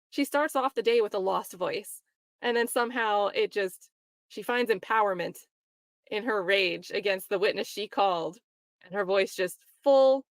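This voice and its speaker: A woman hosting a casual livestream, commenting on a trial and reading viewer chat, chatty and quick to laugh. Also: medium pitch, no echo, clean studio sound. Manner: chatty, laughs often, mocks quoted voices.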